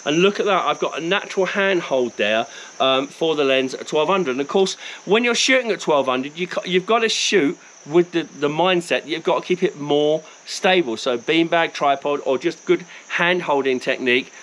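Talking gear to camera outdoors in the bush, this wildlife photographer has a Cockney accent and an enthusiastic, chatty, self-mocking style. His voice sits on the high side, expressive and a bit bright, at normal speed, in a low-quality recording with a little hiss or hum.

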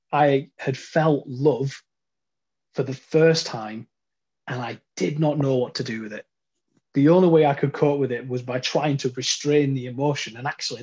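A man's voice: medium pitch, a little mellow, slightly rough, highs cut off. A middle-aged man from the UK giving an earnest, reflective personal testimony from his front room at home. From United Kingdom. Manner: reflective and earnest, with frequent ums. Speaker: speaker sharing his life story.

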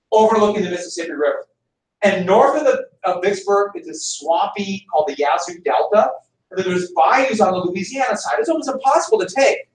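Middle-aged American history teacher, high, lively voice, mic-distant classroom sound. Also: male voice. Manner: animated, jokey storyteller with laughs. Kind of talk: classroom lecture with storytelling. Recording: roomy classroom audio from a distance.

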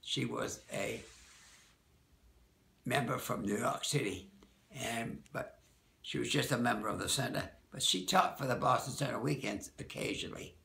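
Gravelly older man, rambling memories. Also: medium pitch, sharp tone, roomy sound, slight background noise. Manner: rambling, self-correcting, halting recall. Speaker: dance teacher. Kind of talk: oral-history reminiscence.

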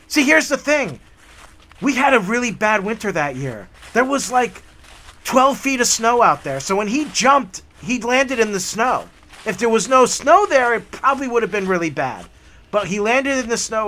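Guy telling a wild story while hiking in the woods, high lively voice, faint outdoor noise. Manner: animated, casual storyteller. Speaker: hiking vlogger. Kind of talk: storytelling on a hike. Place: outdoor forest trail.

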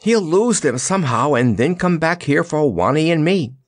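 A man's voice: on the high side, animated, normal speed, no echo, clean studio sound, pitched above the performer's own voice. A man voicing a spirited, plucky young woman in a storybook reading, with a lifted eager delivery.

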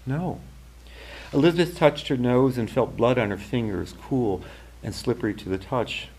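An author reading a passage from his novel in a measured, even way. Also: medium pitch, breathy edge, poor audio. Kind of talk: literary fiction reading.

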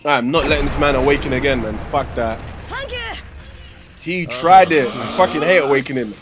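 Excitable man yelling over gameplay. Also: mid-range voice, moderate pace. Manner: excitable, swearing, yelling at the opponent. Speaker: gaming channel host. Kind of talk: live gameplay commentary. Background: game music.

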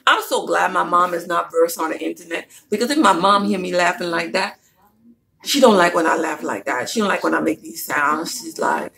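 A woman's voice: lowish voice, gravelly, pushed and bright, low-quality recording. A woman vlogger chatting casually and playfully to her viewers while showing a shopping haul.

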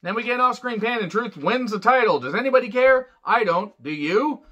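A man's voice: very high-pitched, lively intonation, brisk, fairly bright tone. A man giving a casual, profane, sarcastic rant reviewing a show, rambling loosely as he talks. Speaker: wrestling reviewer. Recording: dull lo-fi sound.

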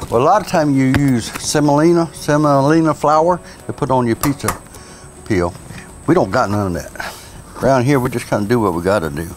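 Folksy Cajun man cooking outdoors. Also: mid-range voice. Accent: Cajun Louisiana. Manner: folksy, chatty, says y'all a lot. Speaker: cook. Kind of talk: cooking demo.

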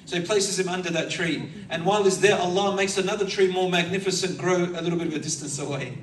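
A man preaching a sermon, an animated storyteller who chuckles between his points. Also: high voice, quick pace. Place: lecture hall. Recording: echoey hall, mic from far off, faint ambience.

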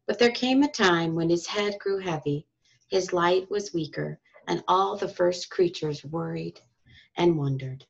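A woman reading a storybook aloud to school children and parents, in a calm, expressive storytelling manner. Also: lowish voice, a little slow, vocal fry. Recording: dull lo-fi recording.

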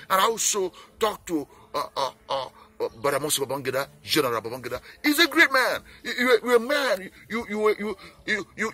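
Nigerian male campaigner, earnest and pleading, bright tense voice that swings widely. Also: high-pitched, slightly rough. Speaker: peace campaigner. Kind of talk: impassioned appeal speech.

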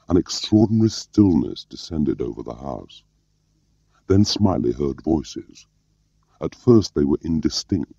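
A man narrating an audiobook in a measured, even way, in a muffled recording. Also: a bass voice, gravelly, breathy edge, dry recording. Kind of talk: scripted narration.

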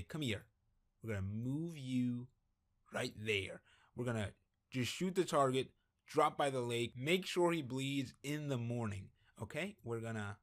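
Joking man narrating a game playthrough. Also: medium pitch. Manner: joking, animated, reads dialogue in voices. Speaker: gameplay commentator. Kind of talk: playthrough commentary, reading game text aloud.

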